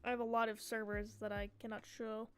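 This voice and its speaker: A woman's voice: fairly high pitch, level tone, a little fast, faint music behind. A woman streamer chatting casually and relaxedly while gaming, swearing now and then. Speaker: streamer, host.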